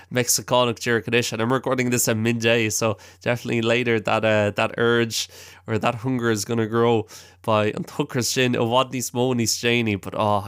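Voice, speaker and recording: A man from Galway with an Irish accent, hosting a language-learning podcast, chatting casually and restating each point slowly a second time. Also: mid-range voice, fairly bright tone, clean tone, dry recording, clean studio sound. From Galway, Ireland. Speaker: podcast host and language teacher. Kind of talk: casual teaching chat, reading listener mail.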